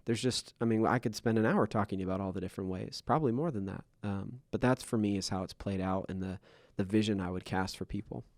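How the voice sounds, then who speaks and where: Low-pitched man in his 30s, podcast host, candid and self-revealing, dry close sound. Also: fast, darkish tone, no echo. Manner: open, self-revealing storyteller with frequent fillers.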